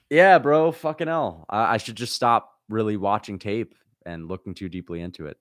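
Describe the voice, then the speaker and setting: A man's voice: big pitch swings, brisk, hardly any pauses, no echo, clean studio sound. Frustrated, swearing man on a livestream. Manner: frustrated, swears a lot, swings between loud outbursts and low muttering. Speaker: livestream host reacting to fights. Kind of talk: casual livestream chat, reading comments.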